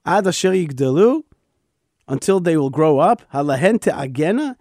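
Show host, male, higher-pitched voice, emphatic scripture teaching with stammered restarts, dry sound. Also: expressive, normal speed, darkish tone, no room sound.

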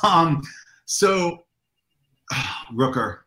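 Talking extremely slowly in a high-leaning voice, a man interviewed as a convention organizer relays anecdotes with gusto, playing out each exchange. The sound is roomy and the recording quality low.

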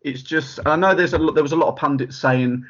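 Husky man chatting loosely. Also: fairly high pitch, a little fast, fairly bright tone. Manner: chatty, lots of "like" fillers. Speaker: podcast co-host. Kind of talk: casual chat. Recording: dull lo-fi audio.

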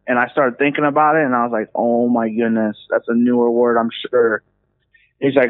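A man's voice: mid-range voice, brisk, smooth. A man, a minister, telling his story in casual slangy speech and acting out what others said. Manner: slangy, animated, acts out quoted voices. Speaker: guest minister. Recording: phone-like call audio.

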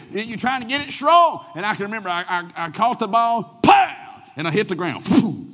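A middle-aged man preaching a sermon, telling folksy personal stories and swinging from loud to hushed. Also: high voice, big-room sound.

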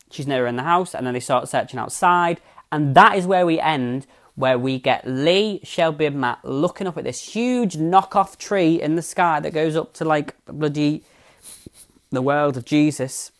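A young woman hosting a casual podcast, recapping a TV episode in a chatty, sarcastic way, swearing freely and wandering onto tangents. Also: low voice. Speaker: podcast host.

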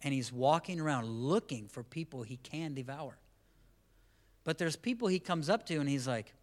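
Male pastor, sermon at a church service: casual and animated, higher voice, big swings in loudness. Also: moderate pace. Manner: animated, conversational preaching that swings from quiet to loud.

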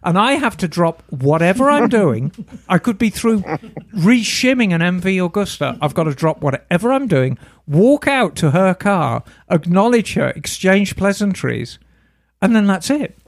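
A woman's voice: on the low side, sing-song, normal speed, no echo. A woman who runs a motorcycle shop, co-hosting a podcast in frank, chatty talk and laughing easily. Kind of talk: casual podcast chat.

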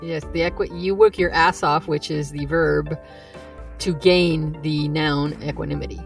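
Female podcast co-host, low-pitched, easygoing, faint music behind. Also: steady tone, measured pace. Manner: laughs easily, explains words matter-of-factly. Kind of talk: casual podcast banter.

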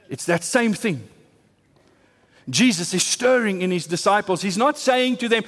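With a high, light voice of fairly bright tone, a male pastor delivers his sermon a little fast. Emphatic repetition and surging intensity drive each point home, carried by a long, lingering reverb.

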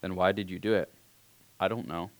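A man's voice: low-pitched, fairly even intonation, normal speed, dry recording, low-quality recording. A man voicing a stern country mother. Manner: firm and reproachful. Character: stern, firm rural mother scolding her son.

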